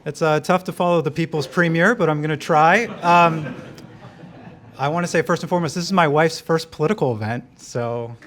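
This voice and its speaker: Brief: higher-voiced man at a podium mic, wry speaker with jokes and asides. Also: fairly bright tone, a little hiss or hum. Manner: wry, joking, quick asides. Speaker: event speaker and director of an advocacy group. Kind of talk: live speech to an audience. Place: event room.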